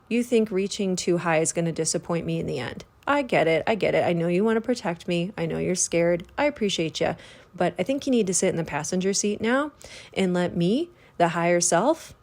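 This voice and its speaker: A woman's voice: on the low side, lively intonation, moderate pace, darkish tone. A woman hosting a spiritual podcast, relaying a spirit guide's words in a chatty, earnest, casual monologue with the odd swear word.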